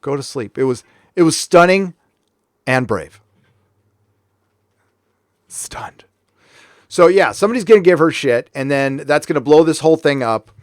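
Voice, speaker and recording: A man's voice: fairly high pitch, expressive, fairly quick, no echo, clean studio sound. A man from California hosting a show, ranting in a casual, sarcastic way. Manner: sarcastic, heated. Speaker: host. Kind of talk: casual commentary rant.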